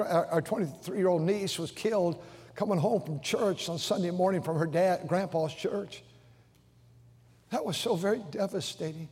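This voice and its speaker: An older pastor's sermon rings through a large church auditorium with long reverb. His voice is high for a man yet darkish in tone, and he speaks with deep emotion, stammering, restarting and repeating phrases.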